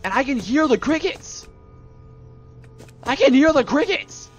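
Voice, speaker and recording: A young man giving casual, joking let's-play commentary on a game, jumpy and yelling at it when startled. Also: very high-pitched, sing-song, a little slow, lo-fi sound, soft background music. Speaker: gaming video host.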